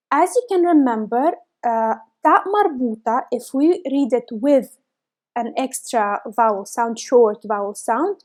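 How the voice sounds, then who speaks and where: A high-pitched young woman teaches a beginner class at an unhurried pace. She sounds every word out letter by letter and says it again, slowly and with care. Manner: spells sounds out letter by letter, repeats words slowly. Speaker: language teacher. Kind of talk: slow, careful lesson.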